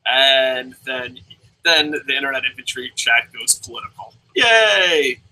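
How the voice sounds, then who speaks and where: A young man hosting a casual live review alone, reading viewer comments aloud and swearing freely as he jumps between loud outbursts and mumbled asides. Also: mid-range voice, measured pace, poor audio. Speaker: show host.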